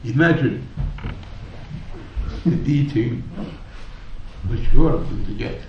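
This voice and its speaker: A man's voice: mid-range voice, slow pace, a little mellow, dull audio, slight background noise. A man voicing a fearless holy fool in a sermon story, speaking earnestly in a distant, echoey hall.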